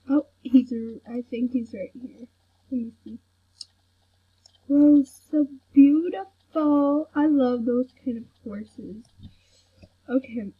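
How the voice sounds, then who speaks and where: A young woman giving casual gameplay commentary, excitable and fawning over what she sees, in a soft, breathy voice. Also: high-pitched, takes it slowly, pauses often. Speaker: gamer. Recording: dull lo-fi home recording.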